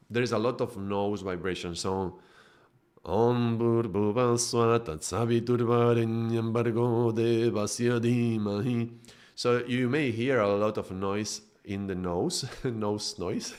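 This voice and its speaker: Soft-spoken man teaching on voice. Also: on the low side. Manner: thoughtful, searching for words, gently laughing at himself. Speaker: spiritual teacher. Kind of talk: live-streamed teaching talk. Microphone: microphone.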